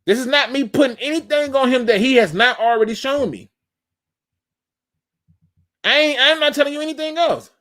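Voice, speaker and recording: A man's voice: very high voice, normal speed, long pauses, a bit bright. A man hosting a live sports talk show, emphatic and fired-up, breaking down game film and talking straight to his audience. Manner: addresses the audience as "y'all". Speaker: host.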